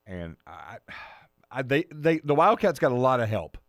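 A man's voice: mid-range voice, sing-song, normal speed, no room sound, studio quality. A man hosting a sports talk radio show, emphatic and opinionated, hammering his points by repeating them. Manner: opinionated, argues his takes.

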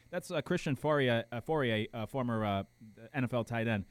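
A man hosting a sports talk show, reacting to radio clips in an animated, incredulous, rambling way. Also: mid-range voice, fairly quick, clear, resonant tone, no echo. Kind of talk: casual sports commentary.

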